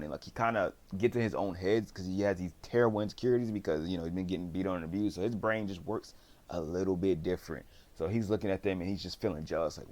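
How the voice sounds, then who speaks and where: A man's voice: low-pitched, fast, a little mellow. A man casually recapping a TV series, rambling in slang and acting out what the characters say. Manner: slangy, rambling storyteller who acts out quotes. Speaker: drama reviewer.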